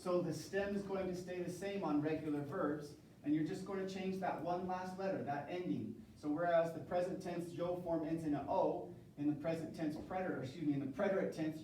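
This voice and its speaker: A male university Spanish teacher lecturing on verb conjugations, calling out forms and repeating the students' answers. His voice is mellow and low in brightness, with a slightly raised pitch. It is recorded from across an echoey classroom with faint background noise. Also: steady tone, a little fast, few pauses, recorded from a distance. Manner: drills verb forms call-and-response with students.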